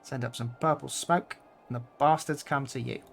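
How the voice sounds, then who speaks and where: A man putting on a chatty low-born soldier with a put-on rustic accent. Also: fairly even intonation, moderate pace, vocal fry, slight background noise, natural voice. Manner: chatty, drawling common speech. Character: low-born male soldier, folksy and candid.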